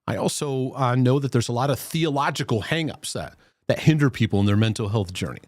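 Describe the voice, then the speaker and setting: A man's voice: mid-range voice, brisk, darkish tone, dry recording, clean studio sound. A man hosting a Christian mental health livestream, chatting casually and greeting viewers by name. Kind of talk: casual live-stream talk.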